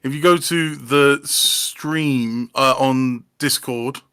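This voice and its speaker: A man's voice: medium pitch, fairly even intonation, sharp tone, clean tone. A man on a live stream chats casually, reacting playfully and walking everyone through the technical setup. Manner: playful, quick reactions, explains the tech. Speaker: podcast team member.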